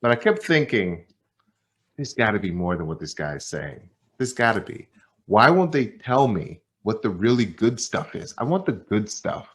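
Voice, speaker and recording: A man's voice: on the low side, normal speed. A man giving a motivational talk at a company training event, telling a story and acting out both sides of a conversation with repeated phrases. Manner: animated storyteller, repeats phrases, acts out dialogue. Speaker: company executive speaker.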